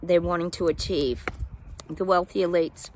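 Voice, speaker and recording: A woman's voice: lowish voice, fairly even intonation, normal speed, a little hiss or hum. A woman giving psychic predictions to her viewers in a casual, chatty way, with many ums and apologetic asides.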